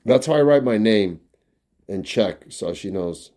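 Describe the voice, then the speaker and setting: A man in his fifties live-streaming from his family home indoors, chatting casually with viewers and reading their comments aloud, often trailing off quietly. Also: fairly low pitch, animated, a little slow. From New York. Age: 50s.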